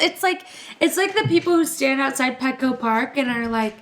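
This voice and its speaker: A young woman, a teacher co-hosting a podcast, telling stories in casual chat with lots of filler words and animated put-on voices. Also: high voice, normal speed, very noisy. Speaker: podcast co-host, first-grade teacher.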